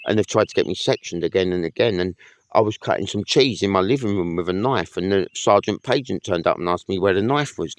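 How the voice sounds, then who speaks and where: A man's voice: lowish voice, lively intonation, brisk, dry recording. A man in a casual monologue to camera, rambling and aggrieved, swearing often. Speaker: vlogger.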